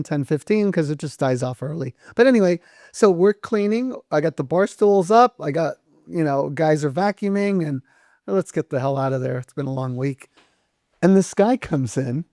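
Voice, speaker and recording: A middle-aged man with a fairly high voice spins lively anecdotes in a casual sit-down interview. He jumps into the voices of the people he quotes and drops the odd swear word. The recording is close and dry, with little room sound. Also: no room sound. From United States. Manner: animated storyteller acting out quoted dialogue, swears casually. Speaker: restaurant owner and guest.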